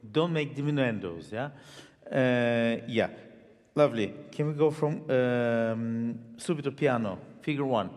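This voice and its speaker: A man's voice: mid-range voice, expressive, normal speed. A man teaching a violin master class in a conservatory hall, explaining earnestly and singing phrases in syllables. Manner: sings phrases in syllables between instructions; earnest, imagery-rich explaining.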